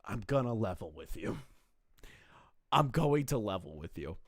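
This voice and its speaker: Profane, animated man streaming to chat. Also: fairly low pitch, unhurried, dry recording, studio quality. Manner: profane, joking, talks straight to chat. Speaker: streamer reacting to online drama. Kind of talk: casual livestream reaction commentary.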